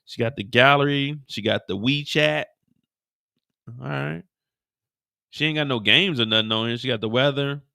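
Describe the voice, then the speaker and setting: A man hosting a live after-show, recapping a TV episode with animated, profane storytelling. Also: medium pitch, moderate pace, creaky, long pauses, smooth. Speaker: host.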